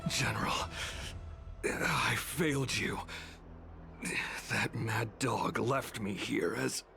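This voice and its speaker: An actor playing a grim, loyal young male soldier in a video game, speaking in a gravelly, serious tone. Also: medium pitch, takes it slowly, bright, forceful tone, soft background music, exaggerated voice.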